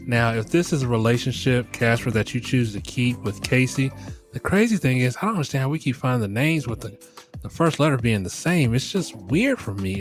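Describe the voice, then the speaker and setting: This podcast host is a middle-aged man with a mid-range voice who talks briskly over faint background music. His comic monologue is loose and lively, full of laughter and swearing, and he speaks straight to the audience, calling them y'all.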